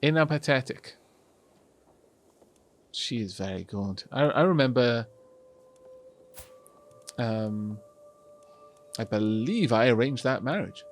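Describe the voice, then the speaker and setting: A man's voice: medium pitch, animated, takes it slowly, pauses often. A Welsh man chatting casually to his live-stream audience while playing a strategy game, rambling along with many restarts.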